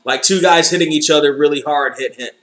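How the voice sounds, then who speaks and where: A man's voice: a little high, fairly even intonation, fairly quick, fairly bright tone. Joking, swearing man in an echoey room. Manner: sarcastic, joking, swears freely. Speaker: commentator watching wrestling footage. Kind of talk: casual reaction commentary.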